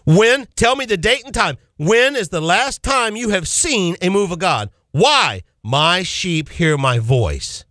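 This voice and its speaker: Fervent high-voiced male radio preacher. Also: very animated, unhurried, few pauses, bright, forceful tone, no echo, studio quality. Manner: fervent, emphatic, repeats key phrases. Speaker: Christian radio show host and preacher. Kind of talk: radio preaching and call-in show. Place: radio studio.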